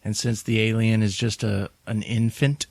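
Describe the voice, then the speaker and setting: A man's voice: lowish voice, flat delivery, normal speed, gravelly, no room sound. A man co-hosting a podcast, chatting casually, laughing often and making jokes. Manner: laid-back, laughs often, jokey asides. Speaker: podcast co-host. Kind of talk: casual movie chat.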